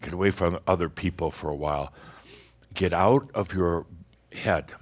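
A man with a very low, deep voice holds forth to a live group in a spiritual talk. His delivery is loose and rambling, full of chuckles and restarts, teasing his listeners as he goes. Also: normal speed. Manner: rambling, playful, chuckles often, many restarts. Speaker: spiritual teacher addressing an audience.

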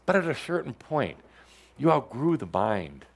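A man guides a live audience through a spiritual talk, slow and unhurried. His voice is gravelly and swings up and down a lot, and he keeps a teasing, playful manner, laughing as he goes. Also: mid-range voice, very animated. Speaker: spiritual teacher addressing an audience.

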